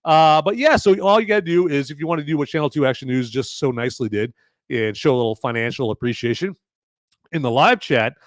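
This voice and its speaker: A rambling, animated man with a medium-pitched voice talks fast on a dry, clean studio recording. He's a podcast host casually reviewing a movie on a livestream, emphatic and repetitive, saying "okay?" often. He also thanks viewers by name for donations.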